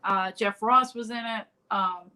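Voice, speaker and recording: A woman's voice: mid-range voice, measured pace, bright, forceful tone, clean tone, poor audio. A woman comedian in a casual interview, telling stories full of fillers and restarts over a remote call. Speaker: comedian guest.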